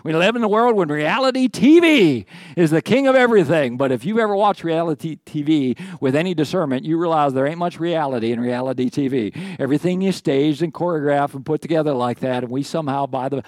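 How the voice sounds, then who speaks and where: A man's voice: a little high, darkish tone, dry recording. A man preaching a sermon as a pastor, reading scripture and breaking off into folksy, joking asides with frequent restarts, a little out of breath.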